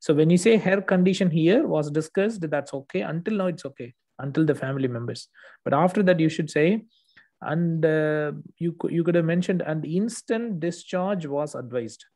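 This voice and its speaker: A man's voice: on the high side, moderate pace, a little mellow. A man tutoring one student, correcting written work patiently and checking understanding often. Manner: patient, explanatory, frequent "okay" checks. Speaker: English test tutor.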